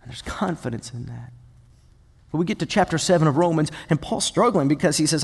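A male pastor preaching a sermon with passion, moving between loud emphatic bursts and quiet asides. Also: on the high side, lively intonation, normal speed, gravelly, pauses often, husky. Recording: long hall reverb.

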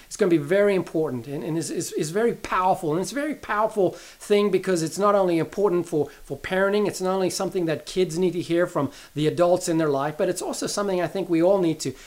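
A middle-aged man with a fairly high voice gives an earnest, sermon-style Bible teaching, repeating key phrases for emphasis as he recounts a family story.

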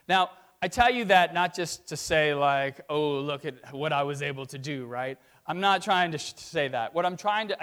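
A man's voice: a little high, a bit bright, clean tone. A middle-aged man from Virginia, a pastor preaching a sermon in a conversational, storytelling way, often checking in with his listeners. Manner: conversational storytelling with tag questions.

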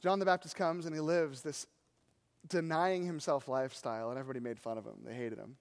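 A man preaching a sermon as pastor, animated and full of rhetorical questions. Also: fairly high pitch, fast, big-room sound.

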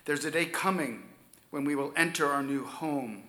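A man preaching a sermon, stressing key words loudly and then dropping to near-whispers. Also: a little high, normal speed, echoey room. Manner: emphatic preaching, swings from loud stresses to soft near-whispers. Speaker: pastor.

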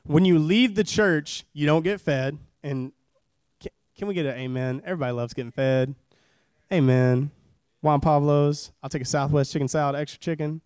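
A man's voice: on the high side, moderate pace, a little mellow, clear, resonant tone, dry recording, clean studio sound. A young man in his twenties preaching a sermon at a church service, in a casual, joking way that repeats phrases for emphasis.

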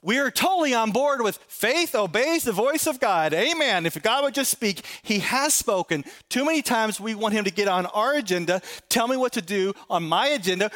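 A man with a fairly high voice delivers a sermon as a pastor. He leans on key phrases, slowing them down for weight, and briefly acts out imagined prayers in a raised voice. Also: animated, a bit bright. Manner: emphatic preaching, slows down for key phrases.

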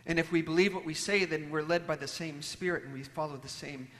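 A man preaching a sermon, telling a story and moving between loud emphasis and hushed, near-whispered lines. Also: fairly high pitch, a little fast. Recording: long hall reverb.

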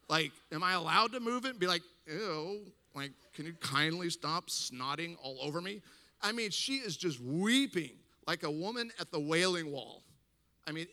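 Bright high-voiced man preaching a funny story. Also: in a large hall. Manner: animated, acts out the people in his story. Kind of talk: humorous storytelling sermon.

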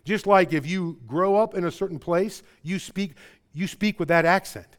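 A man with a Chicago-area accent preaching a sermon, swinging between loud emphatic bursts and quiet low passages, often repeating words as he presses a point. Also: normal speed. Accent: Chicago-area American. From American Midwest. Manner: stumbles and repeats words when excited. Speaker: pastor.

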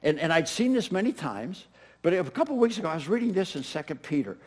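A man's voice: on the high side, fast. A middle-aged man preaching a sermon as pastor, emphatic and repeating key phrases. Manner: animated, emphatic preaching with repetitions.

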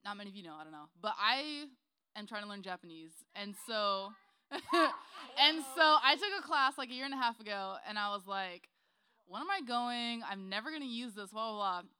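Woman, casual testimony, chatty, giggly, bright tone, smooth clear voice. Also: medium pitch, animated, moderate pace. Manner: chatty, giggly, lots of "like" fillers. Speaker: church group member sharing a testimony.

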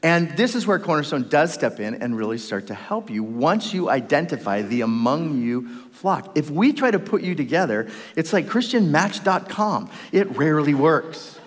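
Delivering a sermon before a live congregation, a middle-aged pastor uses a high, highly animated voice that swings up and down when he performs the quoted voices. He speaks at normal speed with few pauses, and a large church hall gives the recording a long, ringing reverb.

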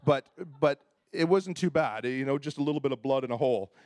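A man's voice: mid-range voice, brisk, a little mellow, no room sound, studio quality. A man in his fifties, a pastor telling a humorous, self-deprecating story in a sermon and acting out the voices of the people in it.

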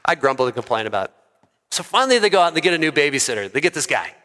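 A man preaching a sermon as a pastor, conversational and lively, asking the congregation questions. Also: fairly high pitch, rapid-fire. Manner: lively and conversational, asks the crowd. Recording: long hall reverb.

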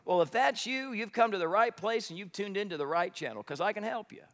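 Male pastor, high bright voice, animated storyteller, sermon in a reverberant church hall. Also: a little fast.

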